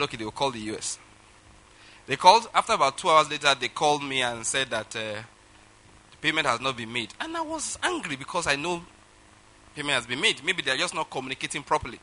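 A man's voice: medium pitch, bright, forceful tone, low-quality recording. A man preaching a sermon, telling a personal story and acting out phone calls with laughter. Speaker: pastor.

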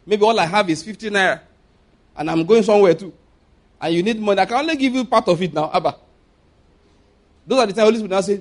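Preacher guy, pretty high voice, animated, laughs a lot, does little voices. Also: quick pace, long pauses. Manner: lively, laughing often, acts out quoted voices. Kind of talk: sermon.

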